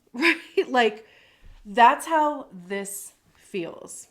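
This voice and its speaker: A woman talks slowly through a tarot reading in a casual, reflective way. She often pauses to find her words and keeps checking in with the listener. Her pitch sits in a middle range for a woman. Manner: reflective, searching for words, frequent "like" and "right?". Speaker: tarot reader.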